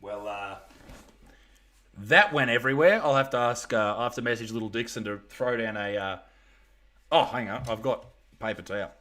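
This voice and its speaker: A man's voice: mid-range voice, normal speed, pauses often, pushed and bright. An Australian man hosting a live stream, chatting casually with crude jokes. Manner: crude, joking banter. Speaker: comedian livestream host.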